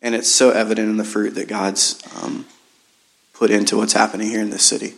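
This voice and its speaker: A man leading church teams, hoarse from singing, speaking in a loose, rambling way with lots of fillers. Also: fairly low pitch, flat delivery, fairly quick, fairly bright tone. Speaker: church team leader. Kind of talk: casual church talk. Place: church service in a large room.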